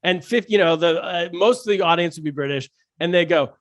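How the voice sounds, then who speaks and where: A man, a stand-up comedian, telling animated, jokey stories as a podcast guest, with many restarts. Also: fairly high pitch, brisk, hardly any pauses, dry recording, clean studio sound. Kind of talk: casual podcast storytelling.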